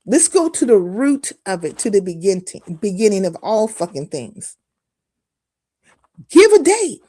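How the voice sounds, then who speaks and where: A woman's voice: medium pitch, expressive, moderate pace, warm tone, no echo, studio quality. A woman hosting a live stream, delivering a heated, profane, confrontational rant full of mocking asides.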